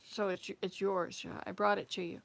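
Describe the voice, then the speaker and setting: A woman's voice: mid-range voice, little pitch movement, gravelly, close to an everyday voice. A woman telling a humble, tired old man. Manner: apologetic, halting.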